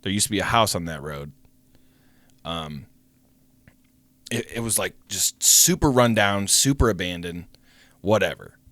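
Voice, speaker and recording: Animated young man telling a story. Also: low-pitched, measured pace, pauses often, no echo. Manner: animated, swearing, acts out voices in the story. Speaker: podcast co-host. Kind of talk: casual storytelling.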